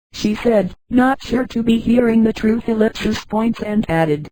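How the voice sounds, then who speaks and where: A woman's voice: a little high, unhurried, few pauses, mellow, no echo, poor audio. A woman narrating a story, reading punctuation marks aloud as words.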